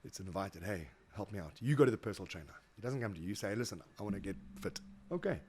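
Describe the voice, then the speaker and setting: A South African man telling stories as a guest in a casual interview, animated, acting out quoted voices and often repeating words. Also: on the low side, quick pace, a little hiss or hum. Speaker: guest, motivational speaker.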